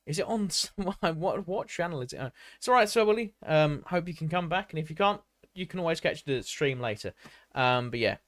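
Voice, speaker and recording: A man's voice: on the high side, animated, a little fast, a bit bright, no echo, clean studio sound. A man streaming live, reading a history article aloud and breaking off to chat with viewers. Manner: reads aloud with many restarts and asides; chatty, answers live chat.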